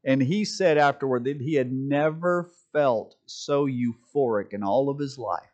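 A middle-aged man giving an informal preaching talk, conversational and animated, mimicking voices when he tells stories. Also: mid-range voice, a little slow. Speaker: Christian speaker.

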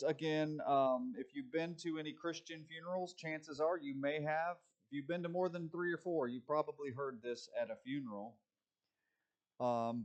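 A man preaching a conversational sermon, folksy and chatty, with frequent fillers and restarts. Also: mid-range voice. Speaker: pastor.

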